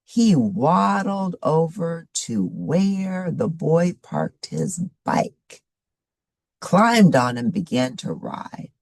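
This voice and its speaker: Woman storytime reader, middle-aged, low gravelly voice, unhurried, lively pitch. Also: no room sound, clean studio sound. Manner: warm asides to young listeners. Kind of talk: reading a picture book aloud to children.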